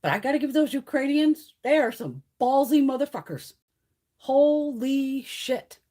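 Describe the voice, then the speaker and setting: A woman hosting a beauty livestream, chatting casually in a blunt, profane, animated way and laughing often. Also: high-pitched, a little slow.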